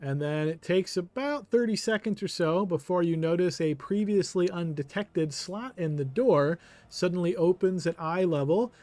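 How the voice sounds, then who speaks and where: A man's voice: high-pitched, normal speed, few pauses, darkish tone, no echo. Easygoing man running a tabletop game. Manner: easygoing, with frequent filler words. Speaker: game master.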